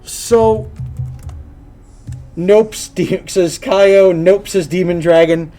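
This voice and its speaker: A man co-hosting a casual gaming podcast, talking in an animated, jokey way and swearing now and then. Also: high voice, very slow, faint music behind. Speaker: podcast co-host.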